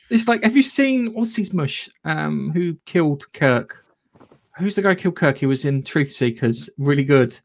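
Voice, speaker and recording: A man's voice: a little high, lively intonation, moderate pace, creaky, dry recording. A man co-hosting a podcast in a casual, sweary, rambling chat. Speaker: podcast co-host.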